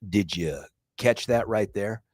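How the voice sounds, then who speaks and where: A man's voice: lowish voice, slow, darkish tone, dry recording. A man hosting a talk radio show, delivering an opinionated, sarcastic monologue and mocking others in put-on voices, on a studio microphone.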